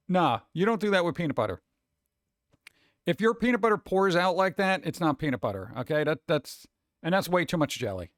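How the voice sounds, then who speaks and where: Excitable male host, slightly high voice, rambling exclamatory reactions, dead-dry mic. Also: brisk, no echo. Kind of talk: casual reaction commentary.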